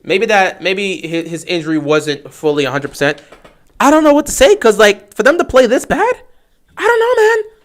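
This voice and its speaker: A man giving excitable fan play-by-play commentary on a livestream, talking straight to his team. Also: sits high, moderate pace.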